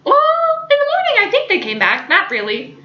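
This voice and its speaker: A woman's voice: high voice, fairly quick. A young woman telling a funny personal story, giggly and dramatic. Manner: giggly, animated, dramatic retelling. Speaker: vlogger. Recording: echoey room, slightly dull audio.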